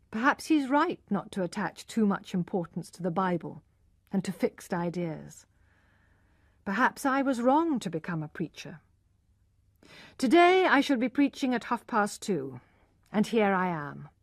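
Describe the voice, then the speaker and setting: A woman voices a passionate, pushy young gentleman who has given up preaching, delivering the lines urgently and insistently. Her mid-range voice is recorded at studio quality with no echo.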